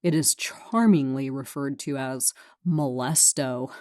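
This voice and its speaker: A low-voiced woman reads her memoir as an audiobook, speaking frankly and with a sardonic, dry wit. The recording is close and completely dry, with no room sound. She is from California. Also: a little slow, few pauses, no room sound. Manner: frank, sardonic, dryly funny. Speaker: memoir narrator.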